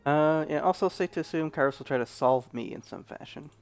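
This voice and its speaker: A man's voice: a little high, brisk, faint music behind. A man hosting a let's play, talking casually with hesitant "uh"s. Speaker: gaming host.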